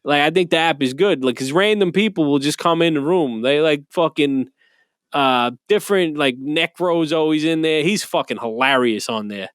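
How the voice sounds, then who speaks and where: Male podcast co-host, crude and animated banter, dry studio sound. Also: on the high side, moderate pace, clear, resonant tone, no echo. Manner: profane, animated storyteller who acts out quotes.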